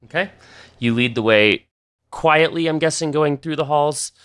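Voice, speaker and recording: Halting game master man, bright voice. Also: a little high, smooth. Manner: halting, many fillers and "like"s. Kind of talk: narrating a tabletop game.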